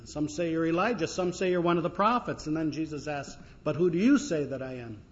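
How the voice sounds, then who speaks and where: A man's voice: fairly high pitch, brisk, slight background noise. Folksy man preaching a sermon, dull sound. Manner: folksy, joking, with many fillers. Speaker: pastor.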